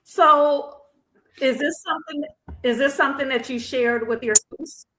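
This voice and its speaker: Woman host, bright-ish higher voice, curious questions, roomy echo around her. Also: moderate pace, slight background noise. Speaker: podcast host. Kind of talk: interview questions.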